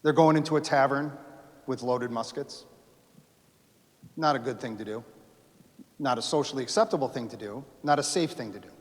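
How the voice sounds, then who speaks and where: A man giving a storytelling history lecture to a live audience in a lecture hall, animated, acting out quotes and asking the audience questions. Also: mid-range voice, normal speed, pauses often. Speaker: history speaker. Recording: reverberant hall.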